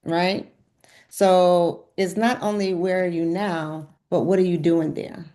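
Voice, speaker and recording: A woman's voice: fairly low pitch, fairly even intonation, slow. Effusive woman coaching a group call. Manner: warm, effusive, repeats praise. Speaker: health coach leading a group session. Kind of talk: encouraging coaching on a video call.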